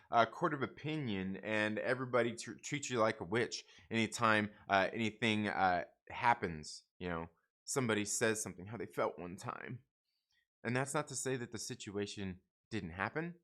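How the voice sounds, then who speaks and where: Middle-aged guy ranting on a livestream from home, bright edgy voice, blunt and sweary, keeps restarting. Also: on the low side. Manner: blunt, rambling, profane, restarts often. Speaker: comic book channel host. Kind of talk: casual livestream rant.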